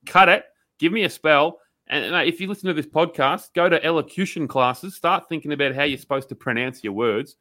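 A man's voice: on the high side, a little fast, few pauses, sharp tone. An Australian man co-hosting a podcast, delivering a blunt, sweary, mock-outraged rant. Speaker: podcast co-host. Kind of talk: ranting comedy segment.

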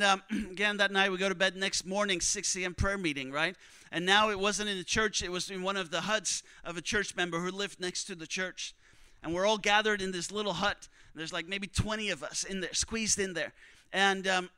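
A young man preaching, telling a missionary story with strong emotion, often dropping to a hush for other people's words. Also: high-pitched, smooth, no echo. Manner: emotional, quotes others in hushed voices. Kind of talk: sermon storytelling.

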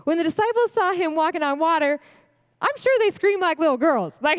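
A woman delivering a sermon at a women's event, animated and slangy, laughing often. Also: very high-pitched, normal speed. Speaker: speaker at a women's ministry event. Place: church event hall. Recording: long hall reverb.

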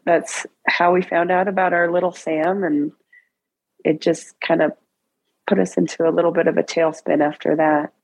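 A woman around forty, a guest in an interview, tells a personal story in an emotional, halting way with many restarts. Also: lowish voice, flat delivery, no room sound, rough recording.

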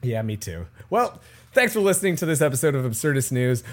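A man's voice: mid-range voice, big pitch swings, fairly quick. A man hosting a casual comedy podcast, joking and laughing with sarcastic asides. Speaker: podcast host.

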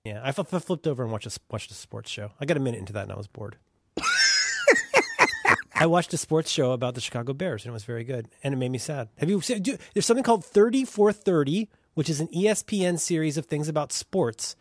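A man's voice: fairly high pitch, expressive, fast, a little mellow, a little hiss or hum. A man co-hosting a podcast, telling rambling, wry stories in casual chat and swearing freely. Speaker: podcast co-host.

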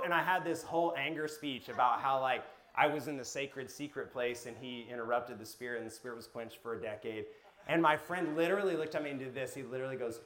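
A man preaching and teaching to a live group, energetic, asking the room questions and telling personal stories. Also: medium pitch, fast talker. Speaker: pastor teaching a class.

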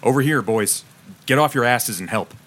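A man voicing a gruff, cold 1850s detective who barks curt orders in a spoken story. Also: medium pitch, expressive, normal speed, fairly bright tone. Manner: barking, curt, emotionless.

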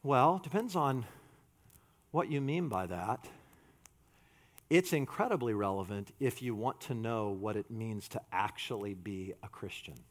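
A man preaching a sermon as a pastor, animated, swinging from loud to hushed and acting out quotes. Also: fairly low pitch, measured pace.

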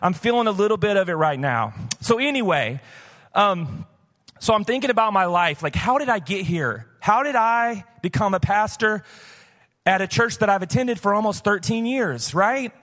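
In a large hall, a high-pitched man with lively intonation and a slightly bright tone preaches at a moderate pace. He's a pastor from the Missouri Boot Heel, USA, giving a casual, candid, chatty live sermon in a church auditorium, full of "like" fillers.

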